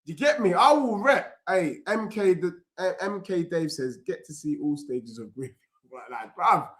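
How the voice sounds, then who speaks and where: Excitable young man streaming football. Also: fairly high pitch, unhurried. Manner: excitable, slangy, reads out chat messages. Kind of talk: live watchalong reaction.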